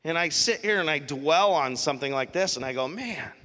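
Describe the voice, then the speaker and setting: A man preaches to his congregation in a relaxed, storytelling manner, his fairly high voice bright and forceful. The sound rings with the long reverb of a large hall. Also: fairly quick. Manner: conversational storytelling, animated. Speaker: pastor. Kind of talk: sermon. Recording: live sermon in a reverberant hall.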